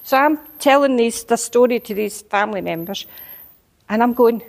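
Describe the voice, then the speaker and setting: A woman's voice: on the high side, expressive, normal speed, gravelly, a little mellow. A woman preaching a sermon, telling a personal story and building into emphatic exhortation.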